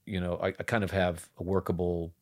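A man's voice: low voice, level tone, a little fast. A man talking as a guest actor on a podcast, laid-back and wry, rambling through stories. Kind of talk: casual interview chat.

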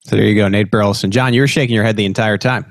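A man's voice: on the low side, fairly even intonation, racing, slight background noise. A man hosting a sports podcast in a conversational way, laughing easily. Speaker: podcast host. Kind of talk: casual sports podcast chat.

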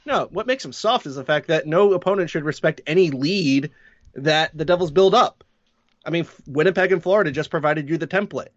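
A man's voice: a little high, expressive, brisk, no room sound, lo-fi sound. A man, a hockey blogger co-hosting a casual sports podcast, ranting with sarcasm about his team's coaching.

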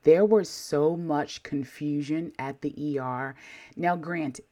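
Low-pitched woman vlogging, sassy and animated, talks right to her viewers. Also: slow. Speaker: vlogger telling a personal story. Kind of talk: casual storytelling to camera.

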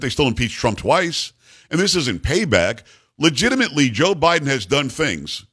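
A male talk radio host speaking in an emphatic, ranting monologue. His voice sits mid-range but swings widely with lively intonation, punching out rhetorical questions and demands. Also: medium pitch.

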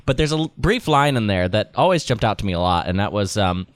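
A man's voice: fairly low pitch, animated, quick pace, no room sound. A man hosting a podcast, chatting casually and rambling with frequent restarts. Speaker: podcast host. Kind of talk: casual chat.

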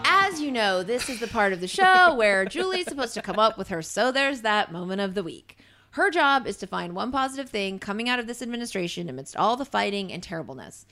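A woman's voice: mid-range voice, sing-song, fairly quick, sharp tone, soft background music. A woman co-hosting a comedy podcast, teasing her co-host in casual, sarcastic chat and swearing freely.

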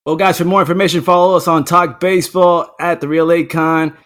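A male podcast host with a slightly raised pitch, signing off in an excitable, upbeat way. His voice sits dry and close to the mic. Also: fairly quick, no echo. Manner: excitable, upbeat sign-off patter. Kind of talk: casual podcast chat.

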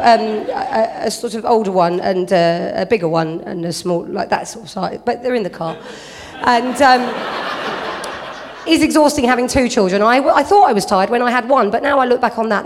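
A woman's voice: mid-range voice, big-room sound. A woman in her thirties doing a chatty, self-deprecating stand-up routine. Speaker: stand-up comedian.

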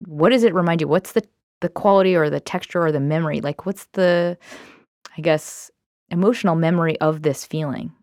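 A woman's voice: deep voice, brisk, darkish tone, no room sound, clean studio sound. A woman hosting a self-help podcast, talking in a candid, reflective way with many fillers. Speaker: podcast host. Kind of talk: casual self-help talk.

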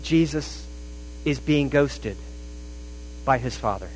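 A pastor preaching a sermon, shifting between rising emphasis and a hushed, intense delivery. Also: male voice, medium pitch, lively intonation, takes it slowly, slight background noise, rough recording. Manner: dramatic, drops to a hushed intensity.

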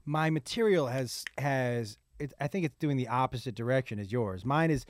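A man's voice: medium pitch, expressive, moderate pace, no echo, studio quality. A middle-aged man hosting a casual podcast interview, chatty and laughing easily. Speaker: podcast host.

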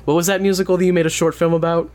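A young man co-hosting a podcast in casual chat, wry and teasing, with a deadpan edge and some swearing. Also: a little high, racing. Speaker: podcast co-host.

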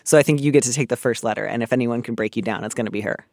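A man's voice: mid-range voice, racing, gravelly, darkish tone, no room sound. Playful man hosting, dry studio sound. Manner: playful, self-deprecating, frequent ums. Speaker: podcast host. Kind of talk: casual chat.

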